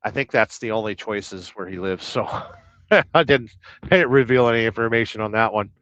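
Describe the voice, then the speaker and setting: This is casual live-stream chat from a man sitting in his truck, who jokes, rambles, and reads viewer comments aloud. His voice sits on the low side and is fairly bright, at a normal speed. The recording is dry, with the highs cut off.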